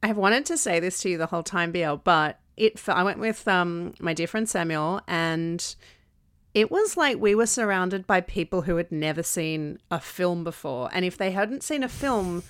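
Bright-voiced woman telling stories. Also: lowish voice, moderate pace, smooth, dry recording, clean studio sound. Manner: animated storyteller, chatty with "like". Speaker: podcast co-host. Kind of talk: casual chat.

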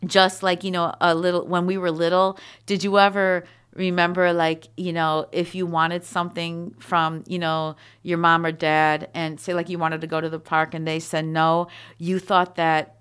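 A woman giving a chatty, animated Bible teaching, reading verses and adding asides. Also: on the low side, moderate pace, clear, resonant tone.

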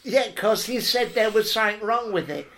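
A man co-hosting a comedy podcast, adding deadpan lines to an improvised bit. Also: high voice, normal speed, slight background noise. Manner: deadpan, egging on with "yeah". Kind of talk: improvised comic banter.

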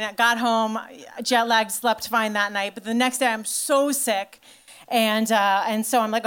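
A woman telling a story in a stand-up comedy set, chatty and animated, full of "like" and swearing. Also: fairly high pitch, measured pace, smooth. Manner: animated storytelling to a live audience.

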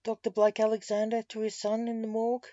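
A woman narrator reading a story aloud in a plain, steady way. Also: on the high side, a little fast, dry recording, muffled recording.

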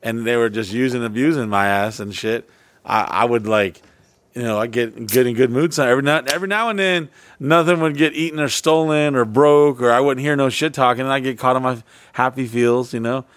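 A man co-hosting a podcast in casual chat, telling profane stories loudly and jumping up in pitch. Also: a little fast, no echo. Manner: profane, loud storytelling with sudden pitch jumps. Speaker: podcast co-host.

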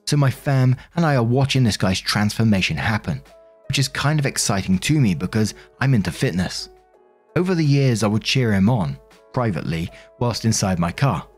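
A man's voice: mid-range voice, darkish tone. A man reading a funny post aloud and adding casual commentary, amused and laughing along. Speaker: storyteller reading a Reddit post.

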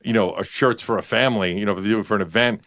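A podcast network owner talks business in a quick, brisk rush. His mid-pitched voice sounds close and dry. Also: fairly bright tone, no room sound. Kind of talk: casual chat.

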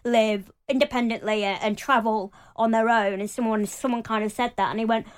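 A young woman talking openly as an interview guest, chatty and animated, with lots of fillers. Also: a little high, brisk, hardly any pauses, smooth. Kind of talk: casual interview talk.

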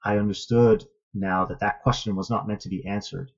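A man guest telling a personal story in an earnest, thoughtful, measured way. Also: on the low side, fairly even intonation. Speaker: interview guest, martial arts student. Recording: dull lo-fi audio.

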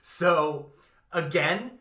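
A man's voice: a little high, very slow, bright, forceful tone, roomy sound. A man co-hosting a podcast, retelling history in a casual, profane, comic way with modern workplace comparisons. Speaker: podcast co-host. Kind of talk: casual comedic history storytelling.

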